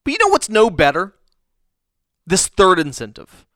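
Halting male preacher, dry close sound. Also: high voice, huge pitch swings, a bit bright, dry recording. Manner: halting, frequent restarts, rhetorical "right?". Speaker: pastor. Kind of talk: conversational sermon.

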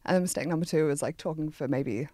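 A young woman, telling a chaotic dating story on a podcast, fast and laughing at herself. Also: low-pitched, warm tone, dry recording, clean studio sound. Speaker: podcast guest. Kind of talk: casual storytelling chat.

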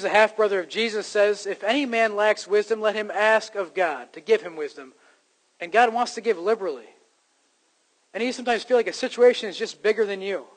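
A man's voice: sits high, poor audio. A man preaching a sermon to his congregation, in a conversational style that rises to emphatic points. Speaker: pastor.

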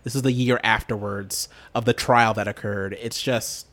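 A man's voice: fairly low pitch, fairly even intonation, moderate pace, fairly bright tone. A man co-hosting a casual chat, rambling with lots of fillers and enthusiasm. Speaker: podcast co-host.

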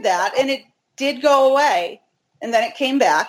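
A woman's voice: high-pitched, expressive, moderate pace, poor audio. A woman in her forties, a hiker, telling a personal story in a candid, chatty way with self-deprecating humor. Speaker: interview guest, hiker.

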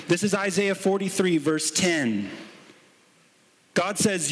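Male pastor, high voice, slow deliberate teaching delivery with rhetorical questions, recorded in a reverberant church hall. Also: lively intonation. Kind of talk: expository sermon.

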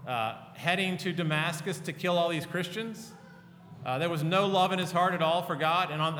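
A man preaching a sermon as a pastor, earnest and often dropping to a hushed, tender tone. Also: a little high, slight background noise. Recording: long reverb of a large hall.

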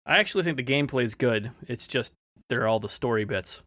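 A man co-hosting a casual podcast, dropping wry, deadpan jokes. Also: medium pitch, fairly quick, no room sound. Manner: dry, wry one-liners. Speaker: podcast co-host. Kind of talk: casual chat.

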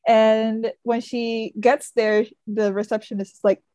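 A woman's voice: fairly high pitch, little pitch movement, a little slow, mellow, no room sound. A woman podcast co-host retelling a book plot in casual chat, full of "like" and "sort of" fillers. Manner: chatty, frequent fillers like "sort of" and "like".

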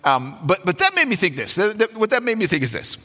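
A man preaching a sermon as pastor, animated and dramatic, acting out quotes with sudden swings in his voice. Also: high voice, fast talker, in a large hall.

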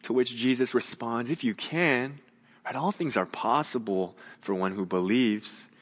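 A man preaching a sermon as a pastor, earnest, moving between raised emphasis and hushed, gentle appeals. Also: medium pitch, normal speed, in a large hall.

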